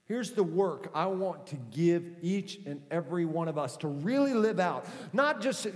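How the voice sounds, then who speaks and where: A middle-aged male pastor giving a conversational, animated sermon. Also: fairly high pitch, normal speed. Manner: conversational, animated preaching with acted-out quotes. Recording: hall reverb.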